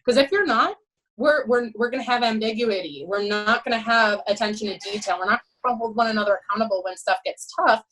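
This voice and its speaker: A woman who works as a head swim coach tells lively, forceful stories during a podcast interview, frequently tossing in "you know" and "right." Her voice sits on the higher side and moves briskly, and the recording is rough.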